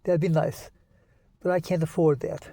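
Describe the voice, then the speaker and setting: A man chimes in earnestly, speaking in a measured way as he makes his point. His voice is mellow and warm, pitched a little high, and sounds dry and close to the mic. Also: level tone, gravelly, no room sound. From United States. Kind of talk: casual conversation.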